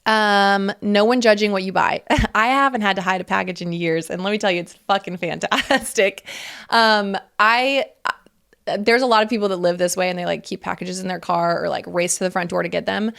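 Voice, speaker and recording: A woman's voice: medium pitch, steady tone, normal speed, gravelly, a bit bright. A woman in her thirties hosting a casual solo podcast, talking candidly and chattily, laughing often and swearing freely. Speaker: podcast host.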